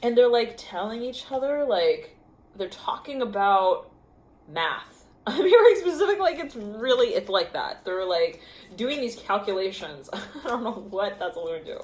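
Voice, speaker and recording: A woman's voice: mid-range voice, lively intonation, unhurried. A woman giving an intuitive tarot reading to camera, rambling in fragments, often breaking into laughter. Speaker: tarot reader. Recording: echoey room with faint ambience.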